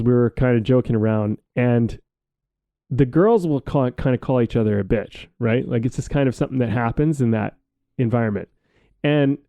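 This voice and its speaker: Man in a podcast chat, warm mellow voice, dry close mic, muses out loud and curses casually. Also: mid-range voice, dry recording. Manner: reflective, rambling, swears casually. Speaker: podcast co-host.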